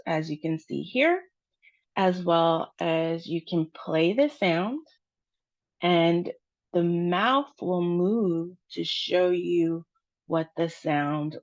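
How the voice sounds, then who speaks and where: A woman teaching English pronunciation in a slow, deliberate lesson, drawing out each model word. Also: lowish voice, vocal fry, a little mellow. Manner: drawn-out model words. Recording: dull, lo-fi recording.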